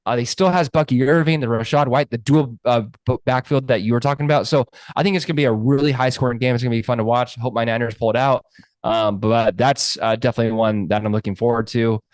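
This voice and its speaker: A man co-hosting a sports podcast, chatting about football in a relaxed way with plenty of fillers. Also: mid-range voice, fast, no room sound. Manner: relaxed, lots of fillers and likes. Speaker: podcast co-host. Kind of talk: casual sports chat.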